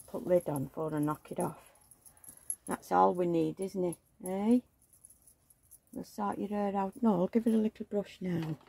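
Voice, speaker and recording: A woman's voice: on the low side, fairly even intonation, moderate pace, gravelly, pauses often, dark tone, husky. A woman chatting casually as she changes a doll, cooing in baby talk and drifting into gossipy stories. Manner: coos and baby-talks, chatty gossiping asides. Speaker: reborn doll vlogger. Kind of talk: casual chat while dressing a doll.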